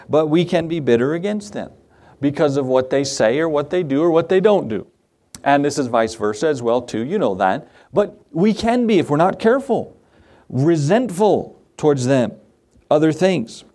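A man's voice: mid-range voice, a little mellow. A middle-aged man, a pastor, preaching a sermon in a folksy, conversational way with chuckling asides.

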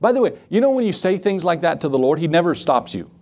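Animated male preacher. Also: fast talker. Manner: animated, conversational preaching with asides to the congregation; acts out quoted voices with shifts in pitch. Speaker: pastor. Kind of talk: sermon.

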